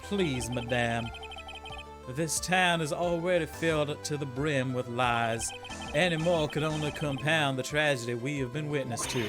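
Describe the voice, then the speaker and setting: A man voicing a haughty, theatrical gentleman detective, reading game lines in a slow, grandiose way. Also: medium pitch, music in the background, close to an everyday voice.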